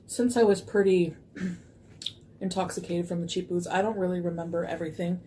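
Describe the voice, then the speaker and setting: A woman's voice: on the low side, fairly even intonation, normal speed, dark tone, slight background noise. A woman telling a casual storytime in a rambling way, full of fillers. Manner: rambling, frequent fillers, laughs easily.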